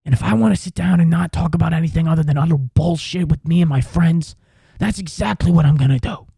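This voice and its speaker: A man's voice: fairly high pitch, fast, creaky, husky, no room sound, clean studio sound, pitched above the performer's own voice, exaggerated voice. A man putting on a voice as a blustering, profane macho bro whose accent keeps shifting as he talks. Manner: defiant, profane, shouting rant.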